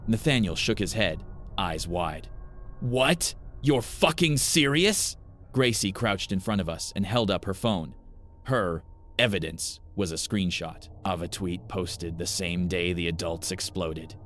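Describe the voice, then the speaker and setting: A man giving grave, measured first-person narration of a scripted horror story. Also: low-pitched, a bit bright, slight background noise.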